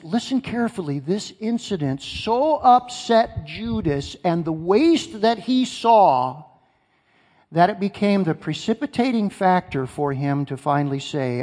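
A man's voice: high-pitched, lively intonation, measured pace, darkish tone. A male pastor preaching a sermon, emphatic, repeating key phrases and asking his congregation questions. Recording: long hall reverb.

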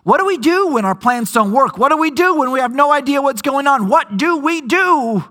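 Pastor, male, high bright tone, chatty sermon delivery with sudden loud emphasis. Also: animated. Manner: conversational, with dramatic slowdowns and bursts of emphasis.

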